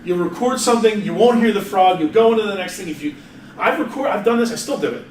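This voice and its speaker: A man with a fairly high voice presents a workshop to a live group, talking in a loose, chatty way full of restarts and quick jokes. He is picked up from a distance, so his voice sounds roomy and slightly far off, with a faint hum of room ambience underneath. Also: animated. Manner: casual, chatty, self-interrupting with frequent restarts; jokey, laughs often. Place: meeting room at an office.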